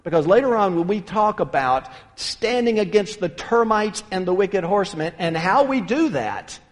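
A man preaching a sermon as a pastor, emphatic and animated, often restarting phrases. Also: sits high, moderate pace, big-room sound.

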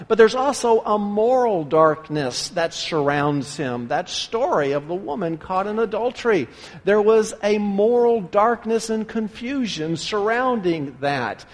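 A man preaching a sermon from the pulpit, earnest and measured, with dramatic pauses. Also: high-pitched, expressive. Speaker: pastor. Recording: long hall reverb.

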